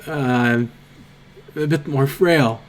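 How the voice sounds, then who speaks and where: A man's voice: medium pitch, extremely slow. A man voicing a small, nervous, frail male kobold who stammers and apologizes a lot.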